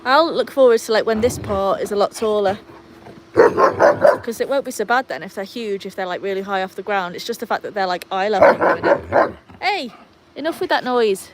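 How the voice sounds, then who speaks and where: The audio is very noisy as a woman with a medium-pitched voice speaks briskly. She's hosting an easygoing livestream from her garden, talking to viewers while tending to her dogs.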